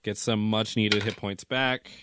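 A man's voice: fairly low pitch, fairly even intonation, a little slow, background noise. A man playing a tabletop game, listing his turn step by step in a matter-of-fact way. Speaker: player.

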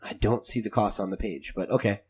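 An American man co-hosting a gaming podcast in casual chat, animated and teasing, laughing often. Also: on the low side, a little fast, slightly rough. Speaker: podcast co-host.

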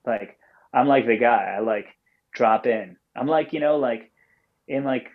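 A man's voice: mid-range voice, unhurried. A man calling in as a podcast guest and telling a story casually, rambling with lots of fillers and swearing. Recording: dull call-in audio.

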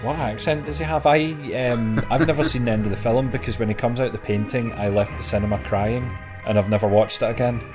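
A man's voice: medium pitch, fairly even intonation, fairly quick, hardly any pauses, music in the background. A man appearing as a guest on a podcast, chatting in an easygoing, self-deprecating way. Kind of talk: casual chat.

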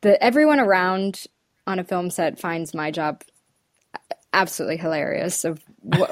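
A woman's voice: lowish voice, normal speed, dry recording, clean studio sound. A woman who works as a dialect coach, chatting in an interview, thinking aloud and laughing between phrases. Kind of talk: casual interview chat.

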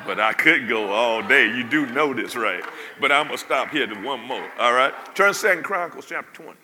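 A man preaching a sermon. He moves from low conversational asides to loud shouted preaching and calls for the congregation to answer him. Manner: call-and-response with the congregation. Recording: long hall reverb.

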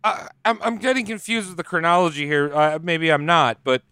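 A man co-hosting a podcast, cutting in with quick jokes and questions. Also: fairly high pitch, clean tone, no echo, studio quality. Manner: interjecting, quick jokes, lively. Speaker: podcast co-host. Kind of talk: casual comedic banter.

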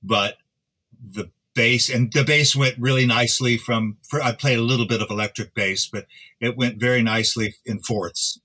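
A man in his seventies, a guest instrument restorer, telling his story in a rambling, halting way. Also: mid-range voice, steady tone, sharp tone. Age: 70s. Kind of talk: casual interview chat.

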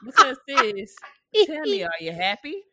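A young woman co-hosting a comedic podcast, talking animatedly and teasing as she imitates older relatives. Her voice is bright and clear and sits fairly high. The sound is close and dry. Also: big pitch swings, unhurried, dry recording. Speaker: podcast co-host. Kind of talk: casual comedic chat.

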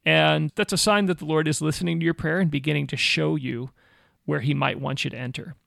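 A man's voice: a little high, brisk, creaky, no room sound, clean studio sound. A man co-hosting a casual faith talk, telling stories and acting out what people said. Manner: animated storyteller, acts out quotes.

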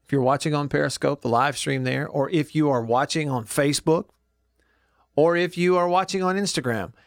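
A middle-aged man hosts a talk radio show from the studio, chatting in a loose, folksy way and narrating what he is doing as he goes. His voice sits a little high for a man. The sound is close and dry, with no room echo. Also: normal speed. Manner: folksy and chatty, thinks aloud while clicking around. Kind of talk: casual talk radio chat. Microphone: studio microphone.

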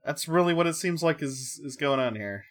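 A man's voice: fairly high pitch, animated, moderate pace, fairly bright tone. A man co-hosting a podcast, casually recapping an episode and filling in details in an easygoing way. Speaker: podcast co-host.

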